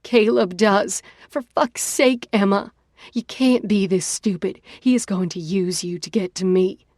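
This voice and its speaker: A woman voicing an angry, bitter young woman who accuses and shouts in an audiobook. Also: mid-range voice, measured pace, no room sound, clean studio sound. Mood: furious.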